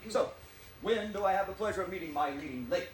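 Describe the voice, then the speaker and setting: An actor playing a vain, self-doubting stage actor who declaims grandly and then sinks into nervous gloom, in a live stage play. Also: male voice, high voice, expressive, fast. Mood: anxious, grandiose. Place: theater stage. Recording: echoey stage, distant mic, faint hiss.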